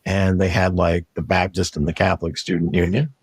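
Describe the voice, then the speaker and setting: A man's voice: deep voice, flat delivery, brisk, breathy edge, dry recording. A man telling his past story in an interview, blunt and matter-of-fact.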